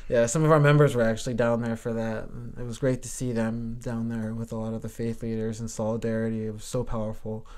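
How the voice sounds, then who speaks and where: Guy on a podcast just chatting, lots of "like", swears a bunch, medium voice, gets fired up. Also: mid-range voice. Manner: animated, heavy use of "like", swears freely. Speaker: guest, Air Force veteran. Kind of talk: casual podcast conversation.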